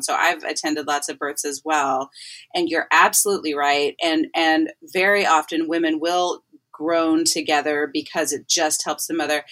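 A woman hosting a podcast, telling stories in casual chat in a quick, emphatic, animated way. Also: low voice. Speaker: podcast host.

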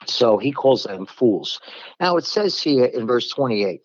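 A man's voice: mid-range voice, big pitch swings, a little slow, no room sound, dull audio. A man from New York preaching a blunt, emphatic Bible-teaching sermon in a plain-spoken way.

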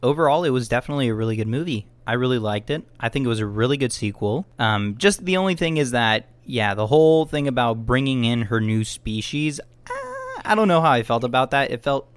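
Animated man recapping a film. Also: mid-range voice, brisk, no echo. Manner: animated retelling with laughs. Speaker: movie reviewer. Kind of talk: casual chat.

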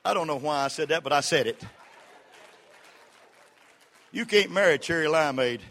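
An older man preaching a sermon as a pastor. He is folksy and humorous, and he swings from shouted exhortation to quiet storytelling. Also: fairly high pitch, expressive, moderate pace, a faint crowd.

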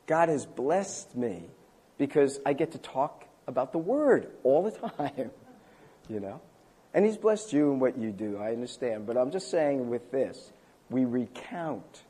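A man's voice: medium pitch, dark tone, husky. An older man preaching a conversational sermon in a church, telling stories with a self-deprecating, chuckling manner. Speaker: pastor.

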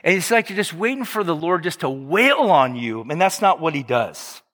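A man's voice: fairly high pitch, sing-song, normal speed, fairly bright tone, long reverb tail. A male pastor preaching a sermon in a conversational way, with joking asides and frequent self-corrections.

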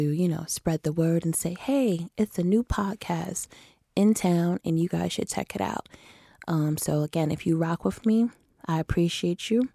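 A woman's voice: on the low side, vocal fry, dark tone, dry recording, clean studio sound. A woman in her thirties from the northern US, hosting her own podcast in a chatty, slangy, confiding way, laughing often. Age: 30s. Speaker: podcast host. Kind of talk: casual solo podcast chat.

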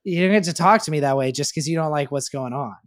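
A man co-hosting a casual parenting podcast, thinking out loud in a reflective way and swearing freely. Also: fairly high pitch, fast talker. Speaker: podcast co-host.

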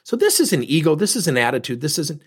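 A man's voice: on the high side, fast, slightly rough. A man in his fifties hosting a podcast, telling coaching stories in a conversational way and acting out both sides of the dialogue. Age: 50s. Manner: animated storyteller, acts out both sides of dialogues. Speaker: podcast host and sales coach. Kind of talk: conversational storytelling.

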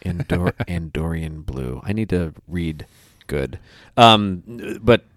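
A man's voice: low-pitched, lively intonation, slow pace, no room sound, studio quality. A man hosting a casual podcast, talking with enthusiasm and rambling through many restarts. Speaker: podcast host. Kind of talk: casual chat.

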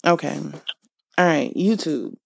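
A woman's voice: low-pitched, expressive, a little slow, gravelly, no echo. A woman hosting a podcast, chatting casually and bossing her family around while she tests her microphone. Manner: chatty, laughing, bossy with family. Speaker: podcast host.

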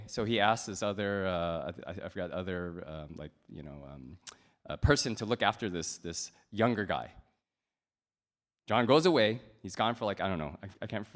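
A man's voice: on the low side, a bit bright. Man preaching in a conversational tone. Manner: conversational preaching with frequent "right?" and fillers. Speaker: pastor. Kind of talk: sermon.

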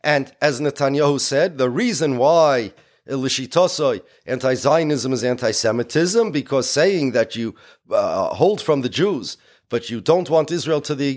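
Man, lecture, emphatic and explanatory, medium pitch. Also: animated, moderate pace. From United States. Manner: emphatic and explanatory, with many Yiddish and Hebrew words. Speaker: speaker.

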